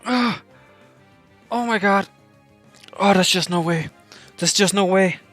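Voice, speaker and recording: A man commentating his own game battle, excitable and breaking into shouts and disbelieving laughter. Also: high voice, takes it slowly, soft background music. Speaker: gaming youtuber.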